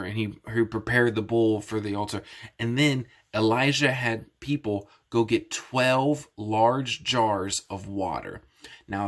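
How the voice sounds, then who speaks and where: A man's voice: fairly low pitch, a bit bright. A man casually retelling a Bible story as a lesson, explaining things simply and often restarting sentences. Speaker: Bible teacher.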